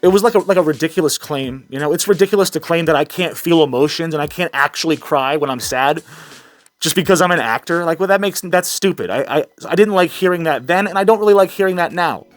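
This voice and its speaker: Sarcastic male commentator with a high voice, faint music underneath. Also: fast. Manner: sarcastic, mocking, rambling with restarts. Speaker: commentary vlogger. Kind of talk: reaction commentary.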